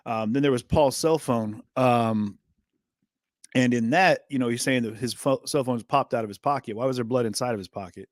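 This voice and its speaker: A man's voice: medium pitch, normal speed, dry recording. Male livestream host, casual rambling commentary, lots of fillers, dry close sound. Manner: rambling, filler-heavy, reads chat aloud.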